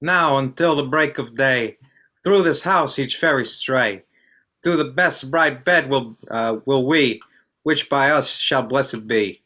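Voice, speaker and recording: A man reading a stately ruler, bright voice. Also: medium pitch, takes it slowly. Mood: solemn. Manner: reads verse with frequent stumbles and repeated words. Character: Theseus, a stately duke, and Oberon, a fairy king. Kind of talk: amateur online play reading.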